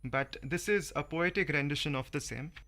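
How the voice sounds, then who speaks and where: A man hosting a casual community radio chat, animated and expressive. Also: fairly high pitch, normal speed. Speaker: radio host.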